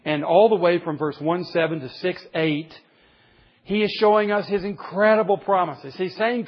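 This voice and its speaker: A man preaching a conversational sermon, earnest, rising in pitch for emphasis and dropping to quiet asides. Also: moderate pace, muffled recording.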